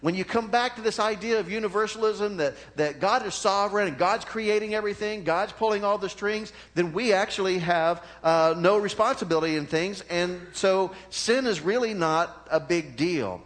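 A man's voice: normal speed, few pauses. Earnest middle-aged male pastor preaching. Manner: earnest, conversational preaching, often checks in with "all right?"; swings between raised emphatic peaks and low, quiet asides. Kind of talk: sermon.

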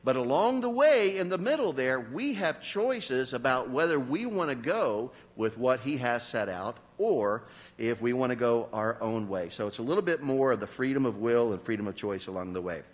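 A man's voice: mid-range voice, moderate pace, big-room sound. A man preaching a sermon as pastor, joking and talking directly to his congregation in a church. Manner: animated, joking, talks to the congregation.

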